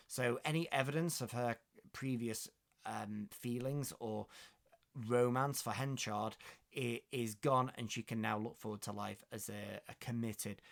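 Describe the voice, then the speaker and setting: Man, literature video host, reading and explaining, hesitant, gravelly voice, middle pitch. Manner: thoughtful, hesitant, many fillers. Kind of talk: reading a novel extract and explaining it.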